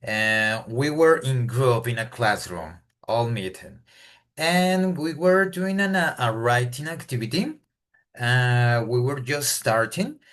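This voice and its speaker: Colombian guy practicing english, slow and halting, keeps hunting for words. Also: medium pitch, fairly bright tone. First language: Spanish. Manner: hesitant, searching for words in a second language. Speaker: English learner. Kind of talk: unscripted speaking practice.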